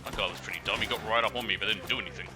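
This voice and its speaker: A man's voice: on the low side, very fast, over music. A man with an Australian accent, chatting casually while playing a video game on stream. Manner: chatty and rambling.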